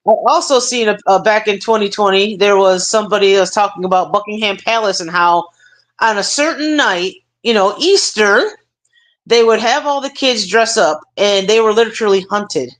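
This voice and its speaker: A woman hosting a casual talk stream, telling stories in a lively way with plenty of fillers. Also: mid-range voice, normal speed. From United States. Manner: animated storytelling with many fillers. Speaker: stream host. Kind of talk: casual chat.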